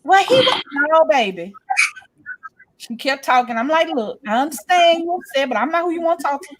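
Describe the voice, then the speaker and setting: A high-voiced woman in her forties tells a story in a loose, casual chat. She is blunt and profane and jumps between the voices of everyone in the story, now loud, now quiet. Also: moderate pace, dry recording, low-quality recording. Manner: animated, blunt and profane, acting out both sides of arguments. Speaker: podcast co-host.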